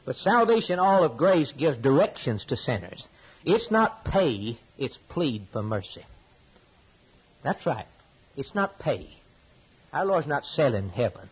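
A man delivers an impassioned sermon. His voice is husky, and his pitch swoops widely as he stacks up repeated lines, then drops low for quiet points. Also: very animated, measured pace, poor audio. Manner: impassioned, preaching with rising and falling emphasis and repetition. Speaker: preacher.

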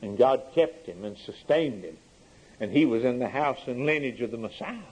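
A man's voice: mid-range voice, lively intonation, moderate pace, a little mellow, breathy edge, rough recording. A man preaching a sermon in an earnest way, his voice rising sharply for emphasis.

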